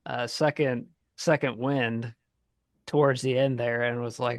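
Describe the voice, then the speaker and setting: A man's voice: medium pitch, fairly even intonation, unhurried, dry recording. A man co-hosting a podcast in casual chat, joking and self-deprecating about his own efforts. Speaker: podcast co-host.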